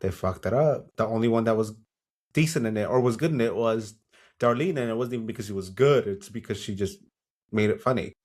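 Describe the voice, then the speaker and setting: A man's voice: fairly low pitch, fairly quick. Laid-back man podcast co-host. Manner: relaxed, agreeable, frank and salty. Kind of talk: casual chat reviewing a TV show.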